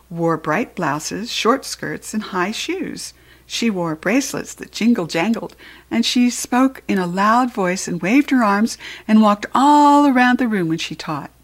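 Expressive woman reading a children's book. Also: mid-range voice. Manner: expressive, playful first-person storytelling. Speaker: audiobook narrator. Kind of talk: children's audiobook narration.

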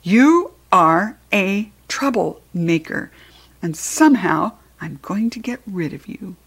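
A woman reading a storybook aloud, voicing a strict, moody middle-aged schoolteacher in a crisp, clipped manner. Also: mid-range voice, lively intonation, normal speed. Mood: grumbling.

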